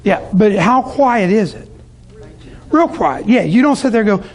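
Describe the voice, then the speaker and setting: Husky high-voiced man telling sales stories. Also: expressive, measured pace. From Tampa, Florida. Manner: storytelling, acts out the voices of customers. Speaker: business speaker. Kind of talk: sales talk to a live audience.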